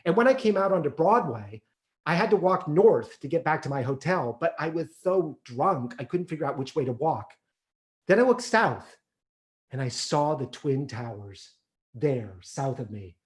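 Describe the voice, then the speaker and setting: Animated man telling stories on stage. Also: a little high, moderate pace. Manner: animated, acts out other people's voices. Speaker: solo stage performer. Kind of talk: theatrical one-man storytelling. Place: theatre stage.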